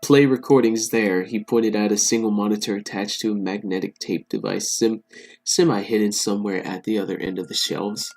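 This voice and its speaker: Reading a text game out loud, a man cracks jokes and answers back to the characters as a let's play gamer. He speaks fairly quickly in a lowish, level voice that's a little mellow.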